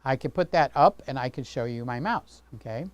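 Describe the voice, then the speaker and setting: Playful male livestream host who chats with viewers; smooth tone, dry close sound. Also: medium pitch, lively intonation, brisk, no room sound. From Greek heritage. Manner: chatty, playful, talks with his hands. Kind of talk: casual livestream chat.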